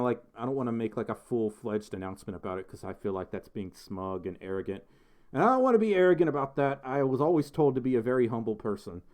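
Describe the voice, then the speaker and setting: A congested man chats his way through a livestream with a lively, bouncing pitch. He rambles and fills gaps with um and uh as he answers questions from the chat. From United States. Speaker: livestream host reading chat. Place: indoors, in a fursuit.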